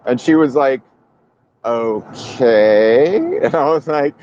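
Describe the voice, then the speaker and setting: A man in casual chat, telling a story with lively, acted-out voices for the people he quotes. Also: mid-range voice, slow, slight background noise. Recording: dull lo-fi sound.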